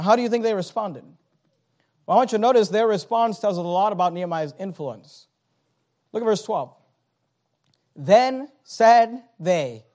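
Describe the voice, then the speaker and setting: A man's voice: high voice, animated, normal speed, long pauses, a little mellow. A man preaching a sermon, reading scripture aloud and building it up with rising emphasis. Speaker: pastor.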